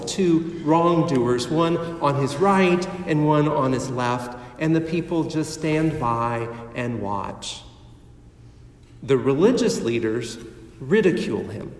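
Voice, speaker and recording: A pastor delivering a sermon, speaking in a slow, measured way with dramatic pauses. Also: male voice, a little high, a little mellow. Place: church sanctuary. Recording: echoey hall heard from a distance.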